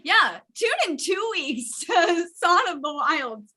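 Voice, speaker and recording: A woman player at a tabletop game chats in a very high, bouncy voice that swings all over her range. She is playful and excitable, with a bright, sharp edge to her tone. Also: slow pace. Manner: playful, excitable, laughs a lot. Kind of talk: casual chat at a tabletop game.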